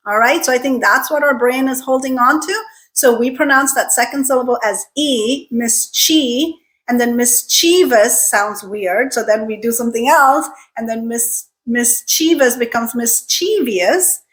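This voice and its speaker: A woman's voice: a little high, a bit bright. Woman drilling English pronunciation, emphatic. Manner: emphatic, repeats words slowly for drilling. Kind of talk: pronunciation lesson to camera.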